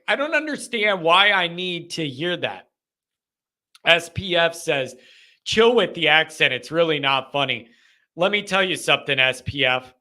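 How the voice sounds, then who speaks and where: A man hosting a live call-in chat, talking in an animated, joking, ranting way. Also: on the high side. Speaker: host.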